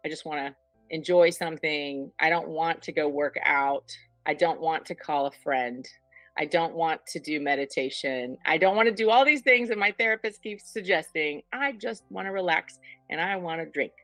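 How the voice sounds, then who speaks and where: A woman's voice: sits low, moderate pace, fairly bright tone, no room sound, soft background music, low-quality recording. A woman voicing a weary, obstinate inner part of a person that just wants to drink and relax. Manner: obstinate, whiny.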